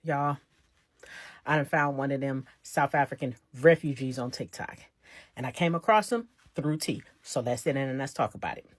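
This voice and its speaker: A woman's voice: very deep voice, normal speed, no room sound. A woman tells a story in a chatty, gossipy way. Her voice sounds dry and close to the mic. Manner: chatty and gossipy, Southern US dialect grammar. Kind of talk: casual chat.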